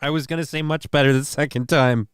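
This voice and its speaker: A man's voice: fairly high pitch, steady tone, fast talker, clean tone, no echo. A man hosting a casual comedic news stream, rambling and sarcastic and swearing freely. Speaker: host.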